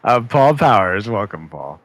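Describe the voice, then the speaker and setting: A man's voice: fairly low pitch, sing-song, measured pace, a bit bright, dry recording. A man hosting a casual podcast, joking and laughing with his co-hosts. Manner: laughing, playful teasing. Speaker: podcast host.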